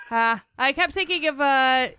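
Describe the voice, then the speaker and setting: A woman co-hosting a book podcast sums up the chapter in a loose, rambling way, laughing and swearing as she goes. Her voice is high, bright and clear, with a lively, animated pitch. The sound is close and dry. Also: measured pace, no echo. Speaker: podcast co-host. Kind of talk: casual chat, chapter recap.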